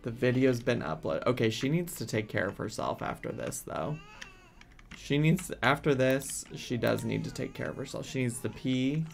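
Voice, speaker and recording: A man's voice: mid-range voice, expressive, moderate pace, gravelly, slight background noise. A man hosting a casual let's-play from his apartment, chatting playfully and bossing his game characters around. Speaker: gaming channel host. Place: home apartment.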